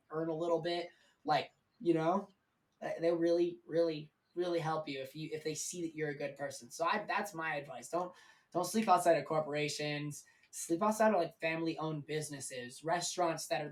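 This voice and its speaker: A man's voice: on the high side, distant mic, rough recording. A man speaking as a guest on a live stream, telling his story in a candid, rambling way with plenty of swearing.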